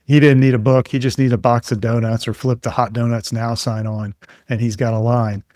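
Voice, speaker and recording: A man's voice: medium pitch, a little fast, dry recording. Man telling stories, dry close sound. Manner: relaxed anecdotal storyteller with frequent fillers. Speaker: guest expert. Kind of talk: conversational storytelling interview.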